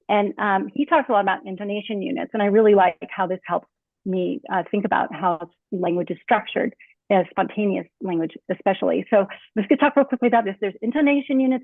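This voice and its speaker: A woman's voice: mid-range voice, fairly quick, vocal fry, dry recording. Woman panelist on a video call, casual explainer with fillers, dry tinny line. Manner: conversational, many fillers, acts out spoken examples. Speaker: panelist speaking as a designer. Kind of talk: online talk on speech design. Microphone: computer mic on a video call.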